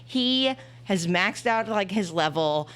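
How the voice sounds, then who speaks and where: A woman's voice: mid-range voice, expressive, slow, fairly bright tone, clean tone. Young woman, chatty, rambling, lots of filler, panel mic. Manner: chatty, heavy use of "like". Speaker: audience member at a panel. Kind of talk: casual storytelling. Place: convention panel room.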